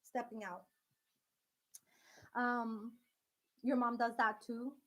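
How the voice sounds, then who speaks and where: A woman's voice: fairly high pitch, flat delivery, slow. A woman hosting a casual live stream from home, chatting directly with her viewers and laughing often.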